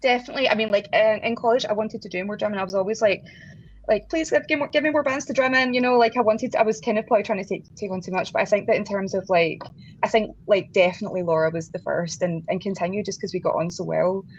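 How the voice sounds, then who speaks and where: A chatty woman talks about her time in bands, laughing often and restarting her sentences. Her voice sits at a middle pitch. The sound is a little dull and lo-fi, with a faint hiss behind her. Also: steady tone, quick pace. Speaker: guest musician. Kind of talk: casual interview chat.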